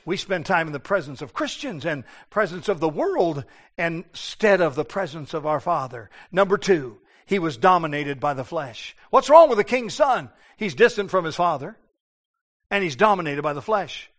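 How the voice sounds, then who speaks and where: High-voiced impassioned male preacher. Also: lively intonation, normal speed. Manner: impassioned, shifting between hushed and loud, acts out biblical voices. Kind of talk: sermon.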